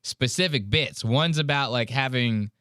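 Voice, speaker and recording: Guy ranting on his podcast, swears a ton, mid pitch, super dry close mic. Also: measured pace, smooth, no room sound. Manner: profane, ranting, animated. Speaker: podcast host. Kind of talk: casual podcast chat.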